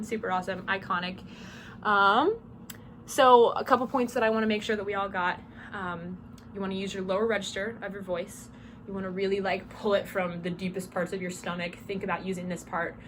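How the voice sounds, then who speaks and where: Speaking in a mid-range voice, a young Southern-accented woman from South Georgia walks through drum major commands in a relaxed, instructional way. She chats freely, leans on "um" often, and voices the commands as she demonstrates them. The setting is a small dorm room, with clear background noise in the recording.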